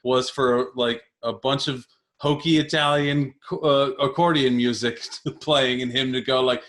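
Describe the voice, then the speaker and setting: A man's voice: mid-range voice, unhurried, fairly bright tone. A man in his thirties co-hosting a podcast, chatting casually and animatedly, laughing often and leaning on fillers. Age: 30s. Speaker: podcast co-host. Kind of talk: casual chat.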